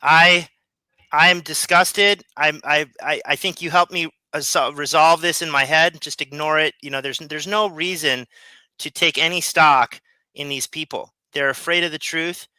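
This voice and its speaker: Man, higher pitch, dry close sound, emphatic, repetitive, casual swearing, chatting guest. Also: fairly even intonation, normal speed, bright, forceful tone, no room sound, poor audio. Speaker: guest, former criminal. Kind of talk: casual conversational chat.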